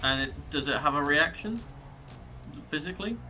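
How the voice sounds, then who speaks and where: Bright-voiced man playing a tabletop game. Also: a little high, lively intonation, moderate pace. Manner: chatty, thinks out loud about rules. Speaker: player. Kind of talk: casual tabletop play.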